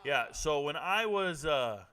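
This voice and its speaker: Here a man reacts to live fights on stream with a slow, expressive delivery; his voice is a little high with a sharp edge. He cracks jokes, says things more than once and addresses his viewers directly, all in a casual commentary style.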